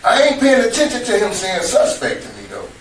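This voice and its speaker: A man recounts events to detectives in an emotional, casual retelling, profane and streetwise, going over the same points again and again. His voice is very high with wildly swooping pitch and a brisk pace, picked up from a distance in an echoey room with faint noise.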